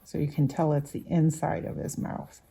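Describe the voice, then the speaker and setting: A woman's voice: low-pitched, level tone, normal speed, creaky, mellow, husky. A woman teaching young children to draw, patiently explaining each step as she draws. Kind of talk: slow drawing lesson for children.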